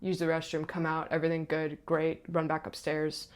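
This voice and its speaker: A young woman, a stage manager, telling a backstage story in a chatty, animated way with lots of asides. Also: sits low, moderate pace. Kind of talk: casual storytelling to camera.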